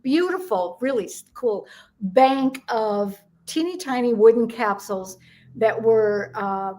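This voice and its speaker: An older woman, a guest in an interview, telling anecdotes in an animated way and acting out the dialogue she quotes. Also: on the high side, slow. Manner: animated storyteller who acts out quoted dialogue. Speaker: guest numerologist. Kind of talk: casual storytelling interview.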